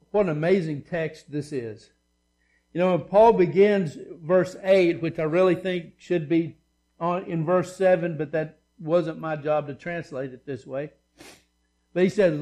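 Male pastor, higher-pitched, emphatic sermon delivery with conversational asides. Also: steady tone, unhurried, mellow. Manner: emphatic, repetitive preaching with asides.

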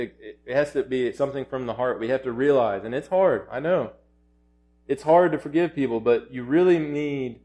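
A man's voice: medium pitch, a little mellow. A man preaching a sermon in an earnest, urgent way, often restarting his phrases and rising to emphatic peaks.

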